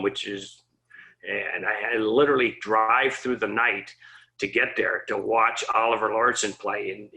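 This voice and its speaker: A man's voice: lowish voice, bright, forceful tone, rough recording. A man, a former assistant hockey coach, telling a rambling, chuckling recruiting story as an interview guest. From Minnesota. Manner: rambling, frequent restarts and chuckles.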